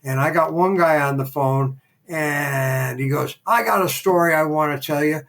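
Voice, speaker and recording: An older man telling stories as a podcast guest in a casual interview, lively and acting out the voices of people in his anecdotes. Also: on the high side, normal speed, gravelly. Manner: animated raconteur who acts out quoted dialogue.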